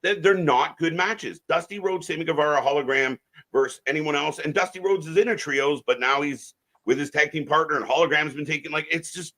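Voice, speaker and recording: A man's voice: a little high, brisk, pushed and bright. A man co-hosting a live wrestling watch-along stream, giving opinionated, rambling takes with frequent restarts.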